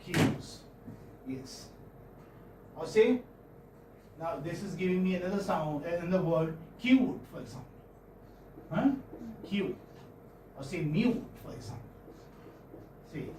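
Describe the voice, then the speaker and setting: Guy teaching phonetics, kinda high voice, far from the mic in an echoey classroom. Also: a little slow, long pauses, dark tone, a little hiss or hum. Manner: patient, checks in often with "okay?" and "hmm?". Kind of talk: classroom lecture.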